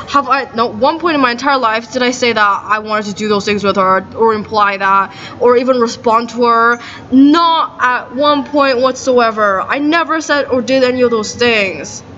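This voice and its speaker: A woman's voice: on the high side, bright, forceful tone. A woman in a rambling, agitated monologue to camera, indignant and peppered with "like". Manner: agitated and indignant, many "like" fillers. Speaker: vlogger. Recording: dull lo-fi audio with faint noise.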